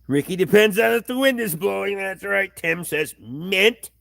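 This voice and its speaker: A man reads viewer comments aloud on a casual livestream filmed on a tripod camera in his home workshop, swearing freely in a blunt, offhand way. His high-pitched voice is animated, gravelly, and a bit bright at normal speed, and the recording is dry with clean studio sound.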